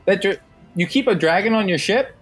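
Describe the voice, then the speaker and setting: A man's voice: lively intonation, a little fast, soft background music. A man doing a jittery, eager-to-please pirate guard. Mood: nervous, eager. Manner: high, jittery and deferential.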